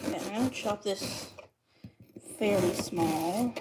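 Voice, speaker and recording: A woman's voice: medium pitch, takes it slowly, heavy background noise. A woman cooking on a livestream in her home kitchen, chatting casually as she greets viewers and reads the chat aloud. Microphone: streaming mic.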